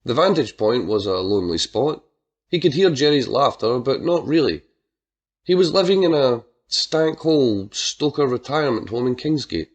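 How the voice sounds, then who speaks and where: A man reading a dark crime story aloud as narrator, measured and dramatic. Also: mid-range voice, animated. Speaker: audiobook narrator.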